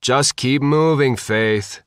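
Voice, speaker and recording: A man's voice: mid-range voice, takes it slowly, clean tone, no echo, clean studio sound, natural voice. Durante, a man doing a curt bodyguard. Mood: commanding. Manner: commanding, curt. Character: commanding male bodyguard.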